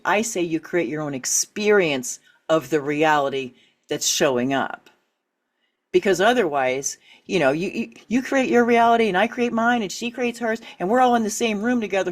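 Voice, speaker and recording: With a lowish voice, a middle-aged woman who is both an author and a writing coach gives a candid interview. She's full of energy, laughs a lot and acts out the responses she quotes.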